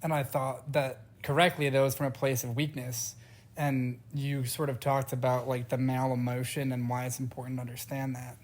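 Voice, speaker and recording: Man at a group meeting, hesitant, thoughtful, flat monotone, mid-pitched. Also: moderate pace. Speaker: meeting attendee. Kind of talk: casual group introduction.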